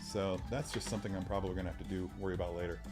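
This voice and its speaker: A man's voice: sits low, steady tone, very fast. A man hosting a casual live stream, chatty and self-deprecating, thinking aloud and answering viewer comments as he works. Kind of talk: casual live-stream chat while unboxing. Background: faint sci-fi music.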